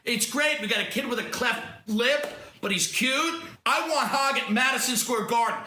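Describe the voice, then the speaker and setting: A brash, profane man with a high, very bright voice tears through a comedy monologue. The sound is roomy and echoey. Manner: brash, profane, fast-talking. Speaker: comedian playing a talent agent.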